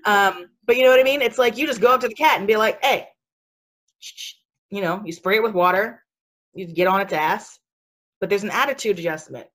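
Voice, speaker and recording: A woman's voice: mid-range voice, fast talker, fairly bright tone. A woman talking casually about spiritual matters, chatty and sassy with lots of fillers and frequent laughter. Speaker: spiritual speaker. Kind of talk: casual podcast chat.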